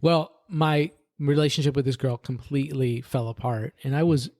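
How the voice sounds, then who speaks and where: A man's voice: medium pitch, moderate pace, warm tone, no echo, clean studio sound. A man, a podcast guest, earnestly tells his personal faith story in conversation, often restarting sentences and adding "right?".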